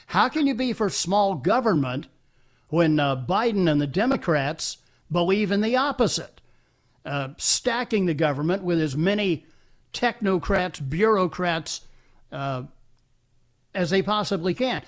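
A man hosting a call-in radio talk show, delivering opinionated commentary with pointed rhetorical questions. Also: fairly high pitch.

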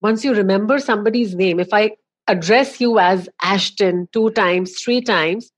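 A woman's voice: mid-range voice, normal speed. A woman with an Indian accent, a communication coach giving emphatic, instructive advice with examples in a podcast interview.

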